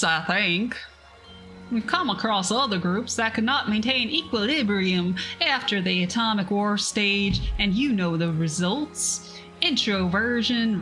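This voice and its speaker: A woman voicing a calm, hard-to-impress male space explorer in a slow, put-on country drawl. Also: mid-range voice, natural voice.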